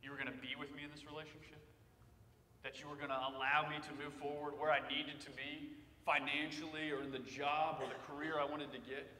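A man preaching a sermon in a church, talking conversationally and swelling loud when he voices quoted cries. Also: on the high side, little pitch movement, brisk, recorded from a distance, a little hiss or hum. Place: church sanctuary. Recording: echoey church hall.

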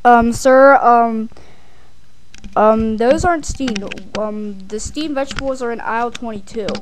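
A woman voicing a flustered male store clerk who hesitates with lots of ums and mutters quickly in a homemade comedy skit. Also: on the high side, a little hiss or hum, natural voice, poor audio. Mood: patient, hesitant. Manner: hesitant, mumbling with ums, then rushed.

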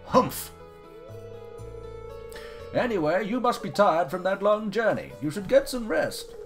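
A man's voice: high-pitched, lively intonation, a little slow, soft background music, pitched above the performer's own voice. A man voicing a fussy older male village mayor in a farming game, with a thick put-on caricature accent and an officious, chatty manner.

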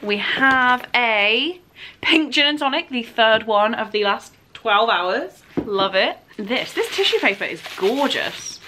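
A woman's voice: fairly high pitch, slow pace, a little hiss or hum. A young woman, gushing as she opens birthday presents in a casual vlog. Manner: gushing, excitable, squeals with delight. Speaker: book vlogger.

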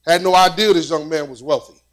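High-voiced man preaching conversationally. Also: fairly even intonation, brisk. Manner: conversational preaching with repetitions and storytelling. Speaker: pastor. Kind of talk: sermon.

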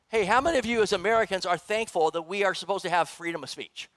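A middle-aged man, a pastor, preaching in a church, animated and joking with the congregation. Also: high voice, fast, few pauses, no room sound. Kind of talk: sermon. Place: church sanctuary.

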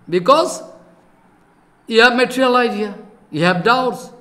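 Animated older man preaching. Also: high voice. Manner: animated, scolding, rising to loud emphatic bursts. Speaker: spiritual teacher. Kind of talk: sermon.

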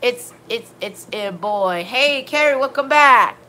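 This is a woman's casual live-stream chat while gaming, where she meanders, greets her viewers by name, and leans on "all right, then" and "of course." She speaks slowly and expressively in a fairly high, bright, forceful voice.

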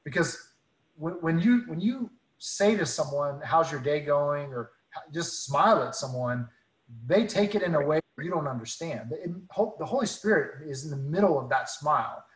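A man's voice: on the high side, expressive, moderate pace, reverberant, poor audio. A man telling a personal faith story in an earnest, conversational way, often restarting and repeating words. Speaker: guest speaker.

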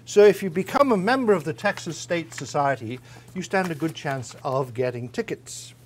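Wry, higher-voiced male lecturer. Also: expressive, normal speed, a little hiss or hum. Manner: wry, conversational, with frequent hesitations. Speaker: guest lecturer. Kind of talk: academic lecture with humor. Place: university lecture room.

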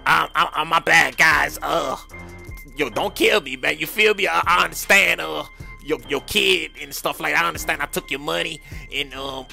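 A man's voice: fairly high pitch, moderate pace, creaky, pushed and bright, faint music behind. A man stammering nervously in slang during a casual game roleplay.

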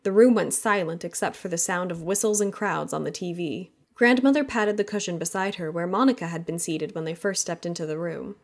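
Measured female audiobook narrator with a lowish voice. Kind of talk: scripted narration.

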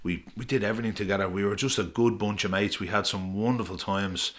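Irish guy, middle-aged, low voice, chatty football stories, lots of uhs. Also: fairly even intonation, quick pace, a bit bright. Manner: chatty, rambling anecdotes with frequent fillers. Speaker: podcast guest, former referee. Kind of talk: casual storytelling.

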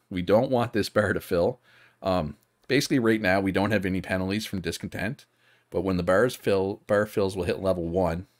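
A man with a low, deep voice gives casual live commentary on a strategy game. He thinks aloud and stops to answer viewers' chat. The recording is dry and close. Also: no room sound. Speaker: streamer.

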